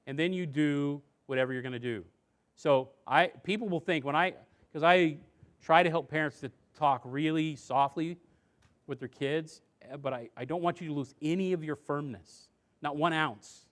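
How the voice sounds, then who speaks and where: A man presenting a seminar on parenting and addiction to a live audience, talking conversationally with rhetorical questions and going soft and low on earnest points. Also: moderate pace. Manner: conversational, rhetorical questions, acts out quoted voices.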